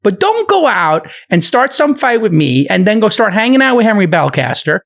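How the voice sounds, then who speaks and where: A middle-aged man moderating a podcast, ranting heatedly in a profane, animated argument. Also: sits high, moderate pace, creaky.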